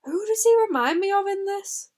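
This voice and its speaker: A woman's voice: very high-pitched, animated, moderate pace, a little mellow. Chatty woman in casual commentary. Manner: chatty, trails off mid-sentence. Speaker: film commentator. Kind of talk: casual chat. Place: lying in bed indoors.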